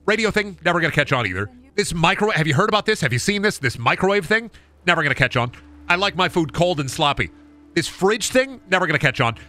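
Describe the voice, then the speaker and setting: A man's voice: on the high side, sharp tone. A man playing a cranky old-timey male naysayer who rants emphatically against new inventions. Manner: grumbling, emphatic ranting.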